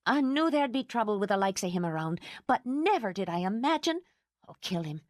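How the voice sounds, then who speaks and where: A woman voicing a fierce, protective older housekeeper who talks in indignant, excitable outbursts. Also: medium pitch, brisk, dry recording, studio quality, pitched above the performer's own voice, close to an everyday voice. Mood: outraged.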